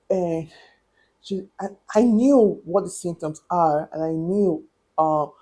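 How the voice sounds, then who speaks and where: Brief: woman vlogger, unhurried delivery, mellow tone, a little out of breath, lively storyteller who acts out dialogue. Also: on the low side. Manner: animated, acts out quoted dialogue. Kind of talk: casual storytelling to camera.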